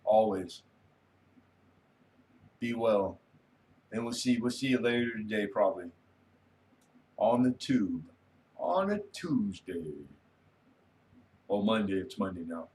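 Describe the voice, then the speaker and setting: A man's voice: on the low side, lively intonation, slow pace, pauses often, a little mellow, slight background noise. Laid-back man hosting a late-night stream. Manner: laid-back, rambling, reads viewer comments aloud. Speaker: livestream host. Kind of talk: casual late-night livestream chat.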